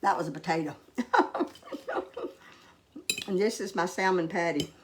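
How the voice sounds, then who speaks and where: A woman's voice: on the low side, unhurried, background noise. An older woman hosting a casual cooking vlog, talking in a homey, rambling way with many fillers. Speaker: cooking show host.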